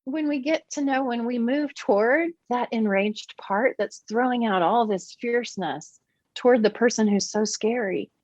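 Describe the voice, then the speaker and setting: A woman's voice: on the high side, normal speed, a little mellow, no echo, dull audio. A woman guest on a podcast, explaining her ideas earnestly, with occasional laughs. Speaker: podcast guest, therapist and teacher. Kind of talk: podcast conversation.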